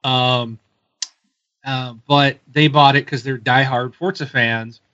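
A man's voice: medium pitch, fairly even intonation, slow pace, sharp tone, dull audio. A man co-hosting a casual podcast, chatty and hesitant with ums. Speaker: podcast co-host. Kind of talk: casual chat.

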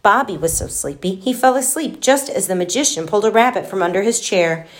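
A woman reading a children's storybook aloud, gentle and expressive, giving the children's lines their own voices. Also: mid-range voice, fairly quick.

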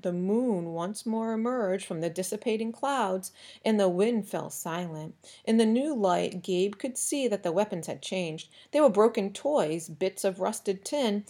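A woman reading a novel aloud for a podcast, with steady, expressive storytelling narration. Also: mid-range voice. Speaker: audiobook podcast reader.

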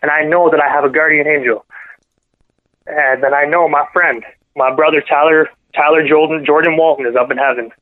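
A man guest on a podcast telling a painful personal story in a halting, earnest way, often correcting himself. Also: fairly high pitch, steady tone. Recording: phone-line audio.

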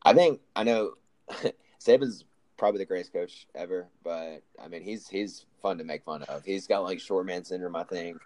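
A young man talks football in a low, deep voice, circling back and restarting his thoughts as he goes. The sound is dry and close, with no room around it. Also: moderate pace, a little mellow, dry recording. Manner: rambling, frequent restarts and fillers. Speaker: podcast host. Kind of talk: casual sports chat.

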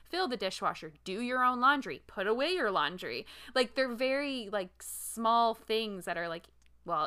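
A woman in her thirties talks in relaxed podcast chat, animated and expressive, with casual swearing and frequent laughter. Her tone is bright and forward, at a middle pitch for a woman. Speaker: podcast co-host.

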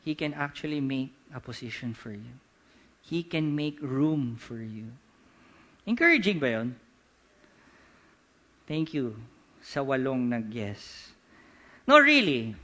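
A middle-aged man with a Filipino accent preaching a sermon, animated and mixing Tagalog with English, slowing to quiet emphasis. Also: a little high. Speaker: pastor.

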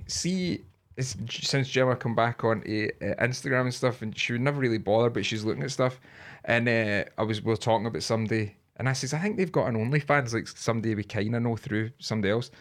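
A man's voice: mid-range voice, quick pace. A middle-aged man with a Scottish accent, rambling and swearing in a casual podcast chat, laughing often. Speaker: podcast co-host.

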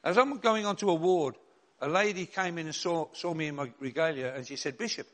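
A man's voice: a little high, fairly quick. Older man preaching earnestly. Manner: earnest, direct preaching with rhetorical questions and repeated refrains. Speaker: preacher, bishop and hospital chaplain. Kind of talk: sermon.

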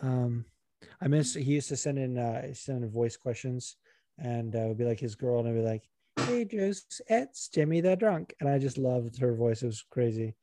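A man co-hosting a podcast, chatting casually in a rambling, profane, animated way. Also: mid-range voice, brisk, no echo. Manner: rambling, profane, animated, puts on regional accents. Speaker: podcast co-host. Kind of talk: casual chat.

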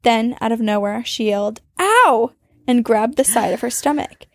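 Higher-voiced woman telling a spooky tale. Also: steady tone, darkish tone, dry recording, clean studio sound. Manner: dramatic storytelling, speeding up and slowing down for suspense. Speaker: podcast host. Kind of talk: reading a listener's ghost story aloud.

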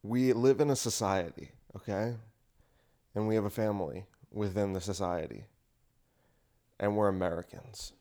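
A warm-toned man with a lowish voice and vocal fry hosts a casual podcast at a moderate pace, leaving long pauses. He rambles sarcastically and restarts sentences; the mic is one handheld recorder.

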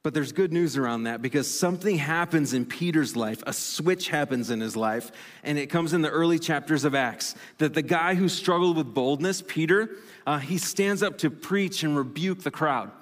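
A male pastor delivering a sermon in a conversational, animated way, with self-deprecating asides. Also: a little high, normal speed. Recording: long reverb of a large hall.

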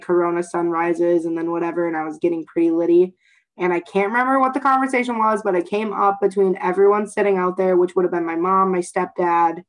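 A woman's voice: fairly low pitch, poor audio. A woman in her twenties co-hosting a podcast, telling crude family stories in casual chat and acting out the voices of relatives. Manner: crude, animated storytelling with voices. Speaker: podcast co-host.

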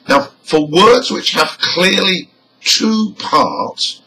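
Male teacher, slow and deliberate, lively intonation, crisp over-enunciated examples. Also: high voice, rough recording. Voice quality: careful, over-enunciated delivery of example words. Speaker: English pronunciation teacher. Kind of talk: slow, deliberate lesson explanation.

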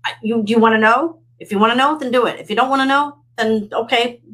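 Blunt, wry woman with a higher voice. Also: quick pace, a bit bright, low-quality recording. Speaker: guest. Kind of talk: casual chat.

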